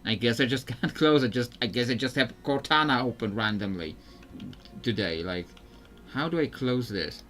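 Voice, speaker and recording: Faint music plays behind a gameplay streamer whose medium-pitched, slightly bright voice moves at a normal speed. He rambles casually through a video game, restarting sentences and chuckling often.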